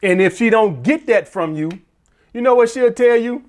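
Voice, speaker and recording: Blunt, profane man with lively pitch. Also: moderate pace. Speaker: dating advice vlogger. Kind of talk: casual profane monologue.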